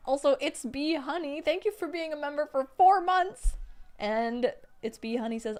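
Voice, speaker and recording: A young woman streaming as she reads a novel aloud, gushing and squealing with excitement at the cute parts. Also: fairly high pitch, normal speed. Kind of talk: live-stream read-along with reactions.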